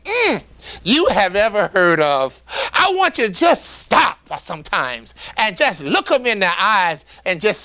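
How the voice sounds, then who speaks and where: Exuberant, animated male teacher trainer. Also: high-pitched. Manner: exuberant, emphatic, drawn-out words, hums and exclamations. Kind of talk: animated teaching talk to camera.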